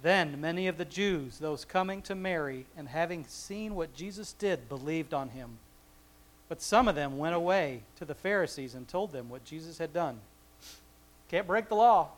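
A man reading scripture aloud and explaining it in a relaxed, conversational teaching style, with chuckling asides and frequent restarts. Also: a little high, moderate pace, rough recording. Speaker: Bible teacher. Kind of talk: casual Bible study teaching.

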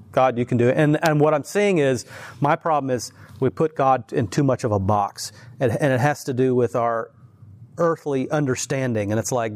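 A man who teaches at church, telling faith stories in an earnest, animated way in a casual conversation, often restarting his sentences. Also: mid-range voice.

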